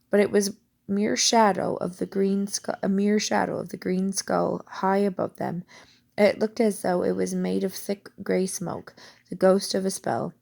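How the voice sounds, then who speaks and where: Gravelly-voiced woman reading a novel. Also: mid-range voice, a little mellow. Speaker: audiobook reader.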